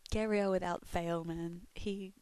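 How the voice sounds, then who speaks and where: A woman's voice: lowish voice, steady tone, unhurried, a little mellow, clear, resonant tone, dry recording. A young woman from Melbourne with an Australian accent, chatting casually and self-deprecatingly, swearing often and laughing a lot. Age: young adult. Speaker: fan answering a question tag. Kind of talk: casual audio vlog.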